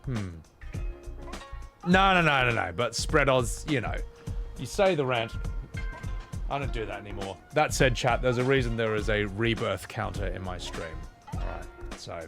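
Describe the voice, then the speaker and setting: A man streaming a game, chatting casually with his viewers in animated, joking, self-deprecating rants. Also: mid-range voice, moderate pace, vocal fry, long pauses, music in the background.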